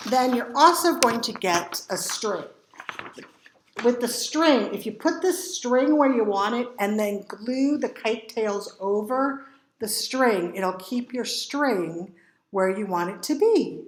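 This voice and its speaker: A woman librarian reading picture books aloud to children and explaining a craft, voicing the sound effects expressively. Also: medium pitch. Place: library room. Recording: roomy echo.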